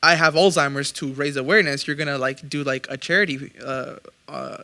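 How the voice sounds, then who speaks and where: Bright-voiced young man, chatty co-host. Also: medium pitch, steady tone, fairly quick. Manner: chatty, storytelling, laughs easily. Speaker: podcast co-host. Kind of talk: casual chat.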